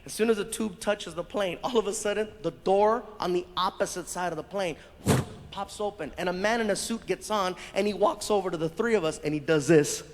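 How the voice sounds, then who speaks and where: On a live comedy stage, a stand-up comedian with a high voice tells a story briskly with few pauses, laughing as he acts out lively voices for its characters. The live show is played back in a hall, with audience noise.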